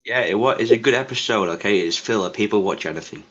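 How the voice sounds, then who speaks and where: Deep-voiced deadpan man. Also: quick pace, muffled recording. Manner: deadpan, dry quips. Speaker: podcast co-host. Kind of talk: casual podcast chat.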